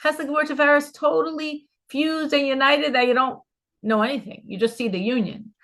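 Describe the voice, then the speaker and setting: Bright-voiced woman teaching a Chassidic class. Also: high voice, steady tone, moderate pace. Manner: earnest, explanatory, repeats key terms. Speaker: Torah teacher.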